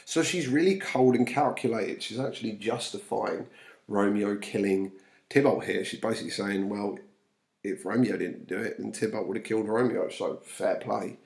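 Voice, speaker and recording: Guy with a low gravelly voice going through a play line by line, reads the verse louder then explains it quieter. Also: moderate pace. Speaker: teacher.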